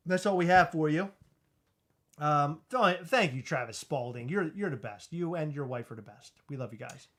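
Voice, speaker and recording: A man's voice: fairly high pitch, animated, moderate pace, a bit bright. A man hosting a casual livestream chat, joking and rambling, who mentions he is in back pain. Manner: joking, rambling, self-deprecating. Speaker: host.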